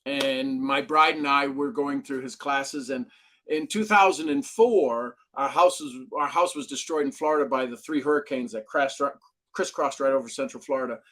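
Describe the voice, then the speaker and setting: A man as a podcast guest, a brain trainer, explaining ideas and telling stories with lively acted-out quotes. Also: mid-range voice, moderate pace. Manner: animated storyteller, acts out quotes. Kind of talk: podcast interview.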